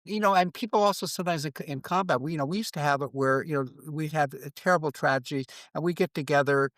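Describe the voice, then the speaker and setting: A man in his seventies, a veteran guest in an interview conversation, speaking in a reflective, halting way and acting out quoted exchanges. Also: fairly high pitch, a bit bright, dry recording.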